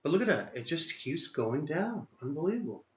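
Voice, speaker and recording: A man's voice: fairly high pitch, big pitch swings, moderate pace. Frustrated man talking to himself, echoey. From Texas. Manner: talks to himself, frustrated, exclaims at the market. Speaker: day trader streaming live. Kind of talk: live trading commentary.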